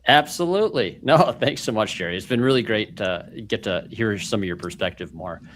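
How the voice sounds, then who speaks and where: Podcast host guy, lowish voice, upbeat and chatty, keeps things moving. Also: animated, fairly quick, fairly bright tone, a little hiss or hum. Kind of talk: casual podcast interview.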